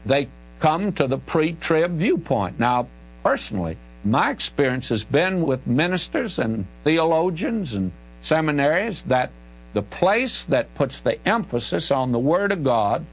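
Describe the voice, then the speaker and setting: A man's voice: a little high, big pitch swings, measured pace, poor audio. An older man, a Bible teacher answering listener questions on radio in an emphatic, folksy, conversational way. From Southern United States. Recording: archival radio recording with mains hum.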